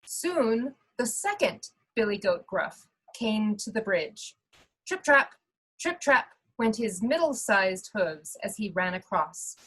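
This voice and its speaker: A woman reading a children's story aloud, slow and expressive. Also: medium pitch, slightly rough, rough recording. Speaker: story reader.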